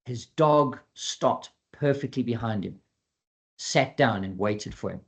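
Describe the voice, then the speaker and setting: Speaking slowly at medium pitch, a dog behavior trainer gives an earnest educational webinar talk. He repeats what matters most and acts out quoted dialogue in a lively voice.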